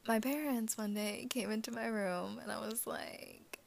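A raspy, gravelly woman talks to her listeners in a whispered casual chat, still groggy from just waking up. She speaks slowly, with plenty of soft giggles between phrases. Her voice sits a little high for a woman. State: groggy morning voice, just woken up. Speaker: ASMR channel host.

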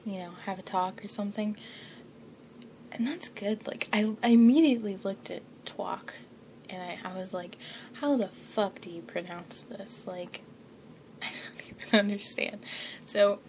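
A woman's voice: mid-range voice, darkish tone, a little hiss or hum. A young woman chatting casually to her listeners, rambling and giggly, often dropping to a whisper and swearing now and then. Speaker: audio creator.

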